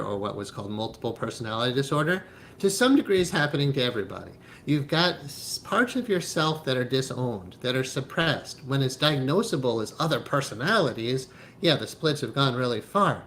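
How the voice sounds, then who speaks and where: A man's voice: medium pitch, a bit bright, a little hiss or hum. A man giving a spiritual teaching talk on hypnotherapy, speaking emphatically, often checking in with "right?" and laughing as he goes.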